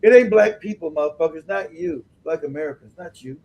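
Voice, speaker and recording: A man's voice: a little high, fast, gravelly, a little mellow, slight background noise, low-quality recording. A man from California hosting a livestream, ranting casually with profanity and frequent laughs. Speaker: host.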